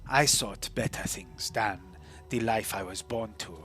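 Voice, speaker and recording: Man doing a scheming arena boss woman, voice-changer filtered, breathy hush, slow drawl, tabletop game character. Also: on the low side, pitched below the performer's own voice.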